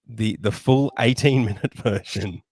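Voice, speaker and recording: Man, low voice, deadpan, reads listener questions, podcast co-host, dry close mic. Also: unhurried, no room sound. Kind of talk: casual comedic banter.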